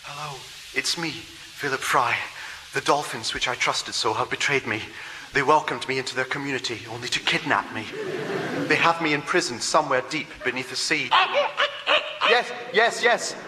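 A man's voice: mid-range voice, expressive, moderate pace, bright, forceful tone, big-room sound, a little hiss or hum. An actor playing a frightened male scientist held by dolphins, pleading nervously in a comedy sketch.

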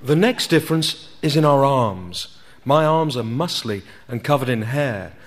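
A man's voice: medium pitch, expressive, unhurried. A man giving a pompous, mock-educational scripted comic narration. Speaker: sketch performer. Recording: music bed behind.

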